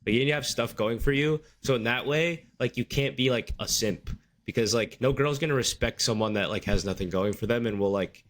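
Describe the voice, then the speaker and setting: A man's voice: mid-range voice, brisk, fairly bright tone, slight background noise. A man in his twenties from the Midwestern US, co-hosting a podcast in casual chat. He talks loosely and hedges, with lots of "like" fillers. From Midwestern United States. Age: 20s. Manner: loose, hedging, full of "like" fillers. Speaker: podcast co-host.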